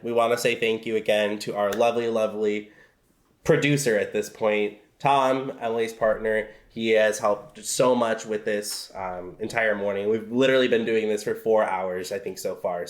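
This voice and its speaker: A man's voice: lowish voice, echoey room. Man podcast co-host, easygoing and chatty, wrapping up the show. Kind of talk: casual chat, show sign-off. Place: a house.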